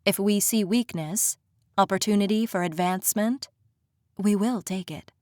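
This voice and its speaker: A composed fae queen , voiced by a woman reading an audiobook, speaks with measured, courtly formality. Her voice sits in a middle register. The sound is close and dry, with no room around it. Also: medium pitch, darkish tone, dry recording, lightly acted. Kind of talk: audiobook character voice.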